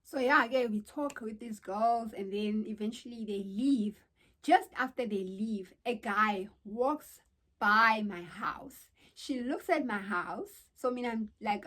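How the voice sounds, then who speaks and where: Animated young South African woman vlogger. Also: a little high, unhurried. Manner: animated, exclamatory storytelling. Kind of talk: casual storytime chat.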